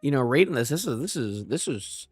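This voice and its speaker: A man's voice: mid-range voice, animated, a little fast, slightly rough, no echo, clean studio sound, soft background music. A man hosting a live manga chapter reaction, playful and jokey, riffing and repeating himself as he reads. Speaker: manga reviewer.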